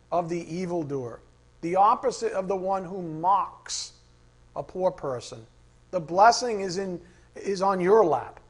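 A man teaching a Bible study class. He asks the class questions, reads verses slowly and repeats the key lines. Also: a little high. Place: classroom with a board.

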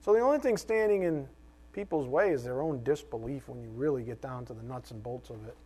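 A middle-aged male pastor preaching a sermon, animated, with rhetorical questions and joking asides. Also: mid-range voice, brisk.

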